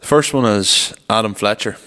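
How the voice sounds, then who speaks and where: A man's voice: on the low side, moderate pace, pushed and bright. A young man co-hosting a podcast, telling rambling stories with casual swearing. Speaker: podcast co-host. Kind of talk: casual chat. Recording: long reverberant room.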